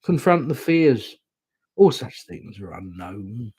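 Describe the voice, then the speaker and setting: English male tarot reader, husky, dry room, rambling livestream chat. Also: mid-range voice, big pitch swings, a little mellow, no room sound, poor audio. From England. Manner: musing, slow and rambling, chatty asides.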